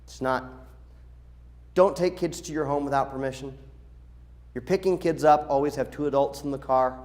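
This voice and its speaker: With a medium-pitched voice at normal speed, a middle-aged pastor lays out practical instructions for his church's children's workers in the sanctuary. He speaks in a lively, animated way and often acts out the voices of people he's quoting.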